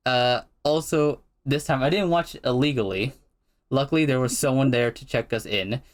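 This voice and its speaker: A man hosting a casual chat, telling stories in a relaxed, rambling way. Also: mid-range voice, normal speed. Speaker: host.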